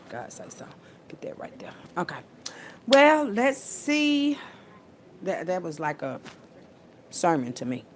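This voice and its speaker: A woman's voice: fairly low pitch, slight background noise. A woman, preaching casually and profanely into her phone in a spiritual vlog. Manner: animated, preachy, profane, Southern US slang.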